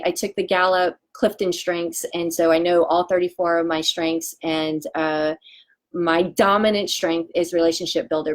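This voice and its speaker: A woman in her forties selling essential oils on a live stream, talking in a chatty, excitable way with lots of fillers and restarts. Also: medium pitch. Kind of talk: casual live-stream chat.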